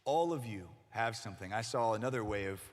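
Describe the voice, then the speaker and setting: A man preaching a sermon to middle schoolers as their youth pastor, animated and acting out the voices he quotes. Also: lowish voice, brisk. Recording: long hall reverb.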